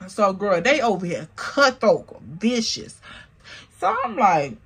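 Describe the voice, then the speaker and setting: A woman telling a storytime tale in an animated, slangy, profane way, talking to viewers as "girl.". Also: medium pitch, slow, breathy edge. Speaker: storytime vlogger. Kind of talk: casual storytelling.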